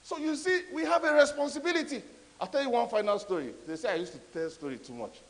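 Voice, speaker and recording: A man giving a conference talk, an animated, emphatic storyteller. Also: very high-pitched, fast talker. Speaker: conference speaker. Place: conference hall. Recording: echoey hall.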